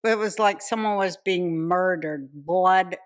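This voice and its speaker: A woman's voice: fairly low pitch, slow. A woman in her sixties, a podcast host, telling brash and profane stories in casual chat. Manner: brash, profane, animated storyteller.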